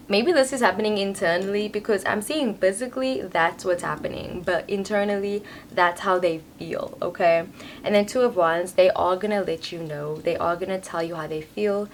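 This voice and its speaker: Speaking at a medium pitch over a faint hiss or hum, a young tarot reader addresses a tripod-mounted camera. Her reading is relaxed and chatty, peppered with fillers like "like" and "you know."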